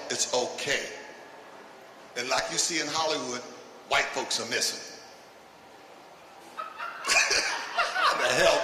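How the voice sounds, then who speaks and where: A stand-up comedian performs for a live crowd, his slightly high voice caught by a distant mic. He's punchy, laughing through his own lines as he needles the audience. The hall echoes, and audience noise fills the background.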